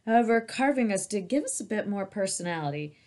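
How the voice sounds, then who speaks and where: A woman's voice: mid-range voice, lively intonation, fast, darkish tone, natural voice. A woman voicing an ancient male stone lion, wise and firm, lecturing a young dragon. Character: old, wise male guardian lion statue.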